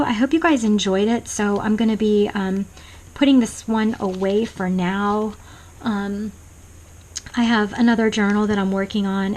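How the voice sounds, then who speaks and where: A woman casually showing a handmade journal page by page, rambling softly with many pauses and restarts at her home desk. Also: medium pitch, slight background noise, low-quality recording. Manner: rambling and soft-spoken, many ums and restarts. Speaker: craft vlogger. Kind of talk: casual show-and-tell flip-through.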